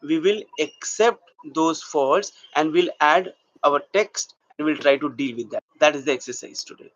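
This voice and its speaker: A man's voice: fairly high pitch, normal speed, a bit bright, dry recording. A man teaching an acting class, explaining steps and checking in with his students. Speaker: acting coach. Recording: dull lo-fi recording.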